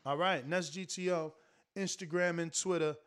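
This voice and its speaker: A male host of a live boxing stream, reading viewer comments aloud in a relaxed way. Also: a little high, normal speed, clear, resonant tone.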